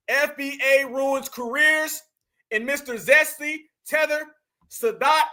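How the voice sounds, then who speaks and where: A man's voice: very high-pitched, sharp tone. A man hosting a casual reaction commentary, mocking and laughing as he talks to viewers he calls family. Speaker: commentary show host.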